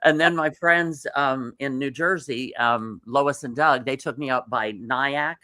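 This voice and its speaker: A man's voice: mid-range voice, a little slow, bright, forceful tone, no echo, clean studio sound. A man co-hosting a talk show, chatting about his travels and his birthday. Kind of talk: casual chat.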